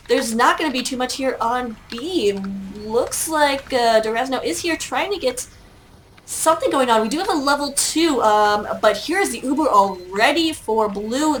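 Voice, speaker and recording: A woman with a slightly high voice casts an online game match solo, with slight background noise behind her. As an esports caster she's chatty and self-mocking, hesitating often and filling gaps with fillers.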